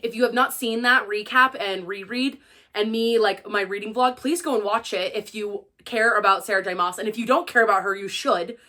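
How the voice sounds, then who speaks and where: Bright-voiced gushing woman book vlogger. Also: mid-range voice, a little fast. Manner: gushing, excitable, dramatic. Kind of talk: casual chat to camera.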